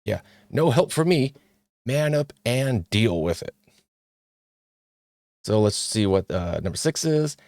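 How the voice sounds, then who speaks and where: A man's voice: mid-range voice, expressive, slow pace, gravelly, pauses often, a little mellow, no room sound, clean studio sound. A male podcast host reading points off a list and reacting with sarcastic, mocking asides.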